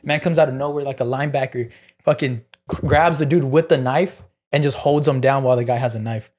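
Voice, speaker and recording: A man's voice: medium pitch, brisk, a little mellow. A man guest comedian telling a rowdy story on a podcast, profane and packed with "like"s. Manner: profane, filler-heavy storytelling with many "like"s.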